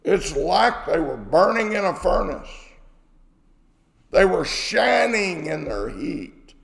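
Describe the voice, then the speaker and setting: Gravelly preacher in an echoey hall. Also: male voice, high voice, very animated, slow pace. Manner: emphatic, repeats phrases for stress. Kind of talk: sermon. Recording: echoey hall with long reverb.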